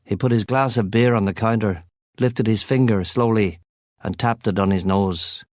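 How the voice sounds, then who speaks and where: A man's voice: fairly low pitch, normal speed, a little mellow, no echo. A man narrating a first-person crime novel as an audiobook, with a wry, sardonic delivery on a close studio mic.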